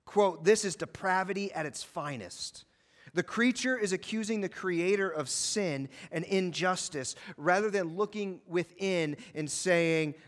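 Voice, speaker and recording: A man preaching an impassioned sermon as a pastor, swinging between loud emphasis and quiet, measured passages. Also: high-pitched, big-room sound.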